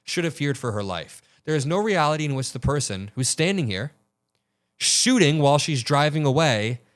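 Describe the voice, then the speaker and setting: A man's voice: fairly high pitch, expressive, normal speed. A young man hosting a political commentary video, indignant and emphatic.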